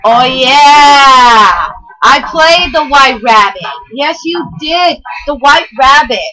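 A woman's voice: sits high, expressive, a little slow, bright, forceful tone, poor audio. A young female gamer rambling through let's play commentary with lots of fillers.

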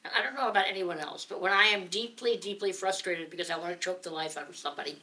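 A woman telling a humorous story live at a gathering, dramatic and lively, laughing along as she goes. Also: on the low side, fast talker. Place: gathering of singers, indoors.

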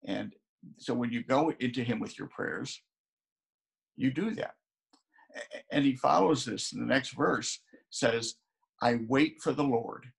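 Um homem, pastor, pregando um sermão em tom de conversa, repetindo palavras enquanto pensa. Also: male voice, mid-range voice, unhurried, pauses often, fairly bright tone. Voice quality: gravelly, husky. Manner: conversational, repeats words while thinking. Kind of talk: sermon.

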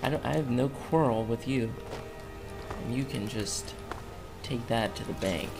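A young gaming YouTuber speaks at a measured pace in a mid-range voice, giving meandering, joking let's play commentary and chatting with the game's characters. Music from the game plays in the background.

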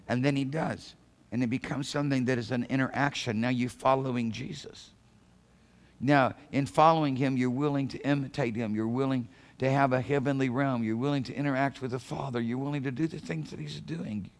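A man preaching a sermon as pastor of a church, fervent, swinging from hushed passages to shouted calls. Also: medium pitch, a little fast. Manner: acts out quoted voices of God. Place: church sanctuary.

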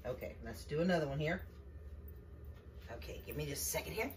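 A woman's voice: deep voice, lively intonation, a little fast. A woman gives a chatty, folksy home-cooking demonstration in her kitchen and talks to viewers as y'all. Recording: distant mic with faint background noise.

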